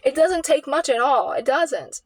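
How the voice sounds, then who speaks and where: A woman vlogging an emotional personal story in a rambling, halting way, full of restarts and repeats. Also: high-pitched, animated, no echo.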